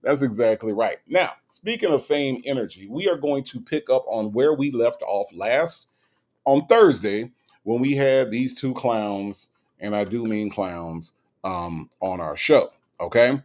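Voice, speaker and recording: A man hosts a laid-back livestream, reading out viewer comments as they come in. His voice swings widely up and down and sits at an ordinary pitch. He talks in a teasing way and keeps checking in with his audience. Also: unhurried. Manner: animated and teasing, with many "okay?" asides. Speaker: livestream host. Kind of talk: casual commentary, reading chat aloud.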